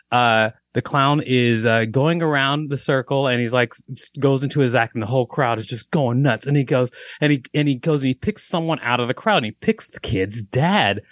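A man's voice: mid-range voice, fairly bright tone, dry recording, studio quality. A man, a guest comedian, telling a long joke casually, restarting lines and checking in with "okay?".

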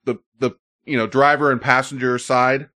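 A podcast host chats casually about viral videos, laughing often and talking loosely and profanely. His mid-range voice is steady and sharp-toned, at a normal speed.

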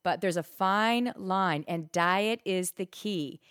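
A woman's voice: fairly low pitch, takes it slowly, a bit bright, smooth, no room sound. Dry, close-miked woman coaching listeners. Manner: upbeat, emphatic coaching. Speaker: fitness podcast host. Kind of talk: casual instructional talk.

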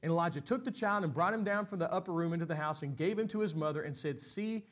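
A middle-aged man preaching a sermon as pastor, rising to loud, high peaks and often repeating words as he restarts a phrase. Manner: repeats and restarts words when speaking fast.

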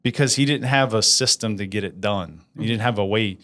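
A man's voice: on the low side, fairly quick. A man in a casual interview as a guest business implementer, talking energetically and often checking for agreement. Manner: energetic, asks for agreement with frequent "right?".

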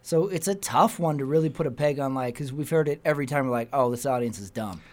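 A man's voice: a little high, fast, darkish tone. A man co-hosting a comedy podcast, riffing and joking on the others' lines. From Texas or the American South. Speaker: comedian co-host. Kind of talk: casual podcast chat.

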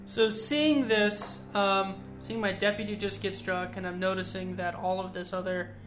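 A woman's voice: medium pitch, fairly even intonation, moderate pace, reverberant, music in the background. Hesitant woman tabletop player. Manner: casual, hesitant with many ums. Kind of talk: tabletop game play.

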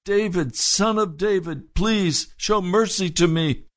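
A preacher voicing a desperate blind male beggar, calling out in high pleading cries. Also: slow. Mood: crying out.

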